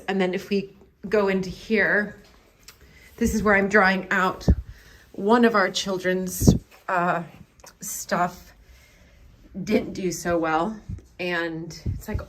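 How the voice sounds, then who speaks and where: An American woman films her vlog on a handheld camera in a manor house cellar, speaking slowly in a lowish, steady voice against a noisy background. Her casual talk is emotional and rambling.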